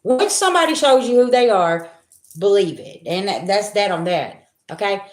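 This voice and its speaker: A woman's voice: medium pitch, lively intonation, moderate pace. Blunt, emphatic woman in an echoey room. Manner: blunt, emphatic, profane, repeats herself. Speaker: spiritual reader. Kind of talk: casual monologue to viewers.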